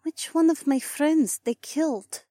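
A naive female alien with a high, strange-sounding voice, put on by a man reading an audiobook. She speaks slowly in formal, literal sentences. The recording is dry and close. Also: mellow, no room sound. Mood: sad. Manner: halting, formal, literal speech. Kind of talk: audiobook character voice.

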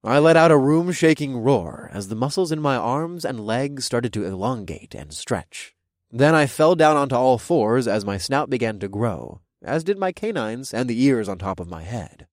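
Guy reading a first-person audiobook story, lively up-and-down voice, super dry close mic. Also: mid-range voice, normal speed, dry recording. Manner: expressive, animated reading. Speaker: audiobook narrator.

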